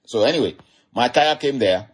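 A man's voice: medium pitch, animated, moderate pace, breathy edge. A man giving an informal sermon, retelling a Bible story in a rambling, conversational way full of "you know". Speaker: preacher.

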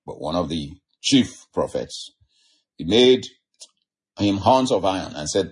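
A man's voice: medium pitch, lively intonation, normal speed, husky. A man giving an informal sermon, retelling a Bible story in a rambling, conversational way full of "you know". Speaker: preacher.

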